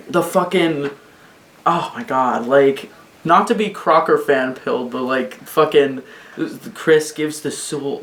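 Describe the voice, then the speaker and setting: An excitable woman riffs on her game theories with a rambling, profane, off-the-cuff delivery. Her voice swoops up and down with lively energy. The sound bounces around an echoey room. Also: very deep voice. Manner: excitable, rambling, swears a lot. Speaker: video host. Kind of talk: casual game theory rant.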